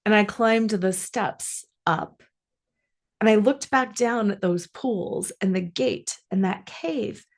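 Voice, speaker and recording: A woman's voice: medium pitch, slow. Female coach-host type, reflective storyteller, earnest and musing, mid-range voice. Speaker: life coach and podcast host.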